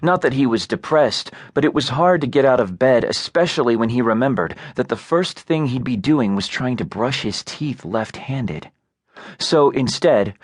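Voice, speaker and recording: A male audiobook narrator reading fiction in a measured, even delivery on a close studio mic. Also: medium pitch, no echo. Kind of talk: scripted narration.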